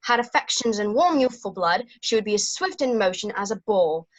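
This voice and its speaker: Over a video call microphone, a woman reads as a young, impatient, lovesick Juliet in an amateur online Shakespeare reading, eagerly pleading through the verse. Her medium-pitched voice is natural, expressive and brisk, though the audio is poor.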